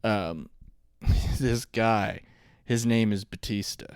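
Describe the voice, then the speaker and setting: Rambling storyteller man, smooth dry voice. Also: lowish voice, slow, no echo. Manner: rambling storyteller, laughs often. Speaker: podcast co-host. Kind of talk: casual chat.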